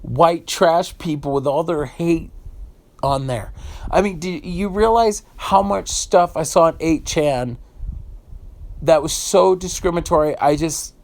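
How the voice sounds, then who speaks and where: An American vlogger with a mid-range voice and measured pace launches into an emotional, unscripted rant. Indignant and swearing freely, they often repeat phrases while searching for words.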